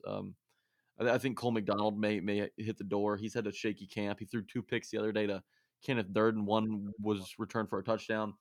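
A man co-hosting a sports podcast, working methodically through numbers and analysis with many restarts. His voice sits on the low side, and it is recorded dry and close to the mic. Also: no room sound. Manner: analytical, stats-driven, with repeated restarts. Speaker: podcast co-host. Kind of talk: casual sports podcast chat.

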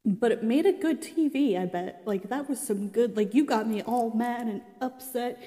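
Chatty young woman, mellow voice. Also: fairly high pitch, normal speed, few pauses, long reverb tail. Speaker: vlogger reading and reacting to a show's history. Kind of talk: casual chat, reading aloud with reactions.

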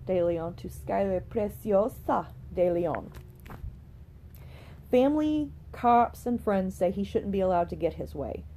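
A woman's voice: medium pitch, warm tone, a little hiss or hum. A woman hosting a casual true-crime podcast from home, chatty and opinionated, talking straight to her listeners. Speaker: podcast host. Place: home room with pets and a rooster nearby.

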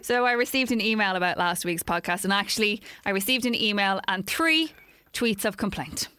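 A woman's voice: medium pitch, normal speed, bright, forceful tone, smooth. A young woman co-hosting a podcast, chatting casually and poking fun at herself. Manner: chatty, self-mocking, reads messages aloud with put-on voices. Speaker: podcast co-host. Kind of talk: casual chat.

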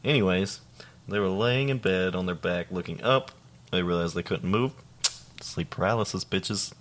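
A young man co-hosting a podcast, reading listener stories aloud in a casual, deadpan way, swearing freely and laughing now and then. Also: low-pitched, moderate pace. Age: young adult.

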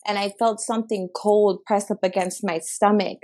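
A young woman from Chicago, a podcast guest, telling her life story in casual, animated talk and acting out what people said. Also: mid-range voice, moderate pace. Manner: animated, acts out quotes in her own voice.

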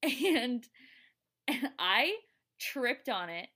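A woman's voice: on the high side, drawn-out words, breathy edge. A young woman co-hosting a podcast, telling college stories in a casual, giggly way and laughing often. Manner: giggly, animated storyteller who laughs often. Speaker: podcast co-host. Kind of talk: casual storytelling chat.

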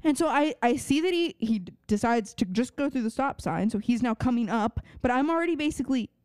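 A woman's voice: fairly high pitch, fairly quick, smooth, dry recording. Ranting young woman podcast co-host. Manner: animated storytelling, swears freely, ranting. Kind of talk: casual chat.

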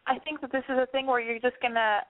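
A woman's voice: sits high, little pitch movement, quick pace, no echo, narrow, tinny audio. Gushing woman host on a call-in show. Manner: gushing, emotional, reassuring. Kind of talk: casual call-in advice chat.

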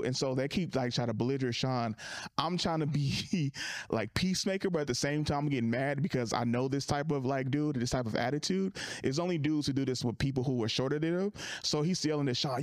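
A comedian telling a rambling story in casual chat, full of fillers and restarts. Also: male voice, mid-range voice, normal speed, dry recording, clean studio sound.

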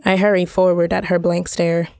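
A woman reading a first-person short story aloud in a measured, wry way. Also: on the low side, flat delivery, creaky, darkish tone, no room sound, clean studio sound. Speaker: reader.

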